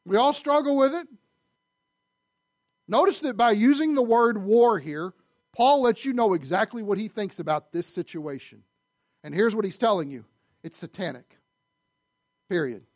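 High-pitched, animated male preacher. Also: normal speed, pauses often, no room sound, studio quality. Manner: animated preaching, swings between loud emphasis and quiet asides. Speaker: pastor. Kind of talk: sermon.

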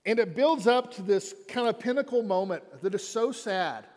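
A man's voice: sits high, expressive, moderate pace, in a large hall. A man preaching a sermon in an auditorium, in a conversational way that repeats lines for emphasis. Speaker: pastor.

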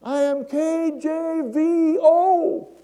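Guy doing a man up on a bridge yelling answers down, high and raised. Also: steady tone, drawn-out words, exaggerated voice.

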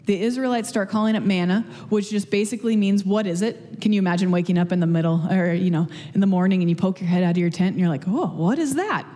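A woman preacher giving a casual, chatty sermon, full of fillers and restarts. Her voice sits a little low and sounds mellow and warm. It carries a long reverb from a church hall. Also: steady tone, fast talker, hardly any pauses. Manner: chatty, many fillers and restarts, light laughs.

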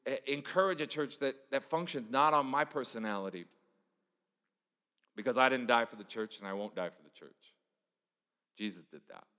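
A middle-aged male pastor giving a conversational, storytelling sermon, dropping to a hush for emphasis. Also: mid-range voice. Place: church sanctuary. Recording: echoey church hall.

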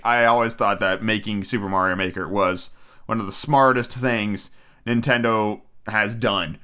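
Solo on his podcast, a man rants with casual energy, swearing a lot and tossing in self-deprecating asides. His medium-pitched voice is a bit bright, with a clear, resonant tone.

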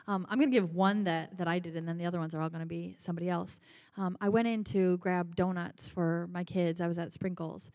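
A woman's voice: fairly low pitch, fairly even intonation, fairly quick, darkish tone, dry recording, clean studio sound. A woman sharing personal stories in church, in a chatty way with many fillers. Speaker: pastor's wife sharing stories. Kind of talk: personal testimony.

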